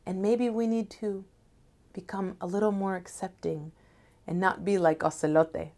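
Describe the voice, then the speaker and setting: A woman telling a folktale aloud in an expressive, dramatic way, at times dropping to a hushed tone. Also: medium pitch, normal speed. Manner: expressive, dramatic, drops to soft hushed tones. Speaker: storyteller. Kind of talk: oral folktale storytelling.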